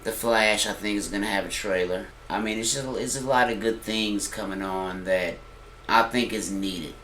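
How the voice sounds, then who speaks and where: Deep-voiced laid-back man. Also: fairly even intonation, normal speed, bright, forceful tone, slight background noise. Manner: laid-back, earnest, slangy. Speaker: podcast co-host. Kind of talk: casual podcast chat. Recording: roomy echo.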